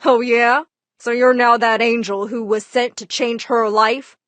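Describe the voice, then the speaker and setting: A woman's voice: on the high side, little pitch movement, unhurried, dry recording. Strict scolding father, read by a woman narrator; dry, close sound. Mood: sarcastic. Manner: scolding, yelling. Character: strict angry father, middle-aged man.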